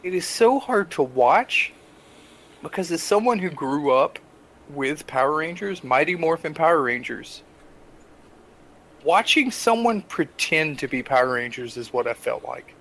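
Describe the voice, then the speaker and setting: A young adult man co-hosting a casual podcast, telling a story with animated, exasperated asides. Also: on the high side, measured pace, a little hiss or hum. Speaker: podcast co-host.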